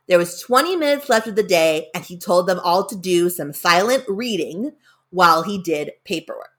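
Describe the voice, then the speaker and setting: A woman's voice: medium pitch, fairly bright tone. A woman narrating a spooky story in a casual, conversational way, shifting tenses and leaning into the dramatic moments.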